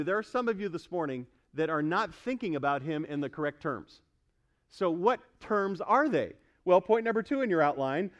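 A man's voice: on the high side, highs cut off. A male pastor preaching a sermon at a church service, emphatic and quizzing the congregation with questions.

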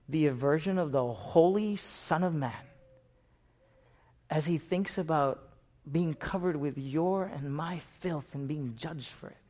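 Impassioned male preacher, fairly high voice. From India. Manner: dynamic, swinging from hushed to loud and emphatic. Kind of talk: sermon.

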